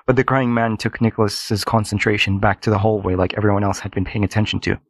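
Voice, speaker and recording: Man, story narrator, low voice, steady dramatic reading, dry close recording. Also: fast talker, no echo.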